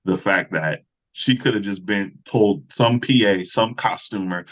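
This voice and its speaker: Man, 30s, actor guest, deep voice, relaxed storyteller, dull lo-fi audio. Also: a little slow. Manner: relaxed storyteller who acts out other voices. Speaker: actor and fight coordinator. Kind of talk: casual podcast interview. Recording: slightly dull lo-fi sound.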